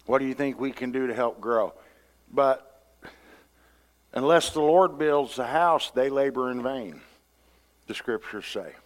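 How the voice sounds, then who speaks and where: A pastor preaching a sermon in a conversational style, often repeating words and acting out what people say. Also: male voice, mid-range voice, unhurried, long pauses.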